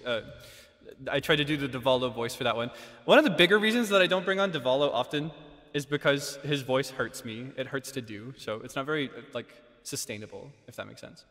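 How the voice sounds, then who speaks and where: A man streaming karaoke, chatting casually and jokily with sudden loud bursts. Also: mid-range voice, in a large hall.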